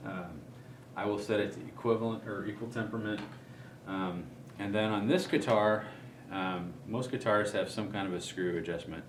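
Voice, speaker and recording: Man, very deep voice, casual instructional talk, thinks aloud; roomy, noisy recording. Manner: relaxed, thinking aloud with many ums. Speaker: guitar player explaining setup. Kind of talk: casual demonstration.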